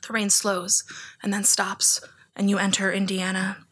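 A woman reading a memoir aloud in second person, in a hushed, even delivery that at times drops toward a whisper. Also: medium pitch, measured pace, breathy edge. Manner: hushed, flat, sometimes close to a whisper. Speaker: audiobook narrator.

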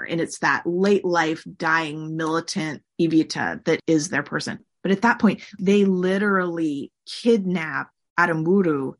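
A woman talking as an interview guest, explaining at length in a chatty way, often saying "like" and acting out quotes. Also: on the low side. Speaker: guest expert. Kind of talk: conversational interview.

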